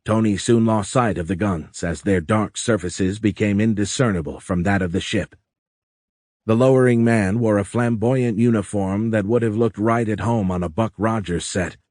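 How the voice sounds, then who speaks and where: A man narrating an audiobook in a steady, even storytelling delivery. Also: fairly low pitch, moderate pace, no room sound, studio quality. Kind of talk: scripted narration.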